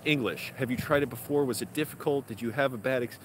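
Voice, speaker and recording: Chatty male vlogger, mid-pitch, rambling with fillers, clear city noise around him. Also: fast. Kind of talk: casual vlog talk. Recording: outdoor street noise behind.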